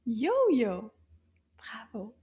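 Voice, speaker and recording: Her voice is a little high and husky as she leads young children through a language lesson. The delivery is slow, exaggerated and animated, sprinkled with gasps and soft whispers.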